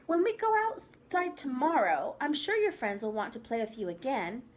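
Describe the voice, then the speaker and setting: A gentle preschool teacher from a picture book, as a woman reads her speaks calmly and kindly. Her high voice moves a lot as she talks the children through their troubles. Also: normal speed. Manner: calm and kind. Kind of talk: storybook reading for children.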